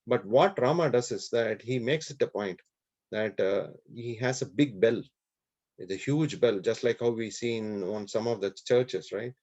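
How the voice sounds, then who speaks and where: A man's voice: lowish voice, a little slow, darkish tone. Guy preaching, retelling an old story casually, asks questions and answers them, muffled recording. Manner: conversational retelling with rhetorical questions. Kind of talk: sermon storytelling. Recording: dull lo-fi recording.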